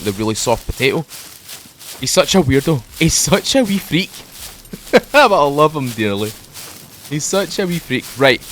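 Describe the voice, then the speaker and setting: A man at home talking into a desk microphone, giving a relaxed, rambling commentary while playing a game. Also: medium pitch, slight background noise. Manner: rambling, chatty, drifts off topic; mellow, laid-back morning mood. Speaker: gaming channel host. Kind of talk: casual let's-play commentary.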